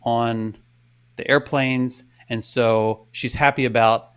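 A man's voice: medium pitch, takes it slowly, smooth. Chatty man telling a story. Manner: animated, acts out quotes with hushed asides. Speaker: podcast co-host. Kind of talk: casual storytelling chat.

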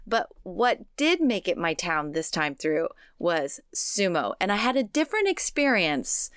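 A woman from Texas, co-hosting a podcast in casual chat, her voice hoarse from yelling, bubbly and quick to jump in. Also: on the low side, no room sound, studio quality. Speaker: podcast co-host.

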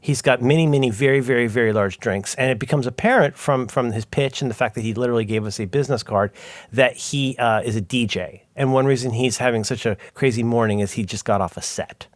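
A man's voice: medium pitch, a little fast, dry recording, studio quality. A middle-aged man co-hosting a podcast, chatting casually in rambling, self-interrupting, jokey stories. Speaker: podcast co-host. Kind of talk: casual chat.

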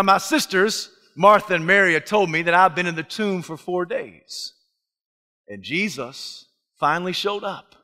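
Preacher as risen man in first person, bright, gravelly, shouting with joy, hall echo. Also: a little high. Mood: wry, storytelling. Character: jubilant man just raised from the tomb. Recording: long reverb of a large hall.

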